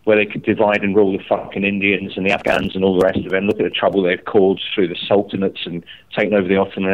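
A man from Scotland, angrily telling a story and swearing heavily while he chats. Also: low voice. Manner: angry, swearing, animated storytelling. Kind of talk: heated casual chat. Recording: tinny phone line.

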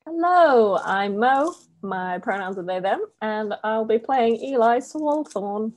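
A woman's voice: fairly high pitch, lively intonation, slow pace. A woman playing a tabletop role-playing game, chatting and asking curious questions. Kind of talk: casual chat.

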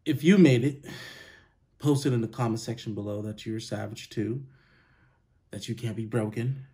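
A man's voice: medium pitch, normal speed, dark tone. A male reaction video host, laid-back and boastful, talking casually to viewers. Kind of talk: casual chat.

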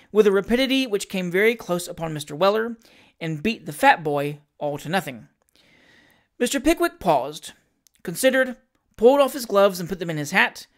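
A narrator reading a classic novel aloud, measured and expressive. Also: mid-range voice.

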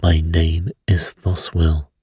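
A man's voice: sits low, level tone, warm tone, slightly rough, no echo, clean studio sound, heavily acted. Man voicing a grave British expert. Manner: grave and measured. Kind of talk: bedtime story reading.

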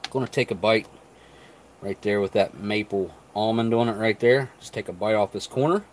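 Speaking at a normal pace in a lowish voice, a man who isn't from Canada muses aloud while eating during a live-stream ration review. His manner is relaxed, and there's a little hiss or hum.

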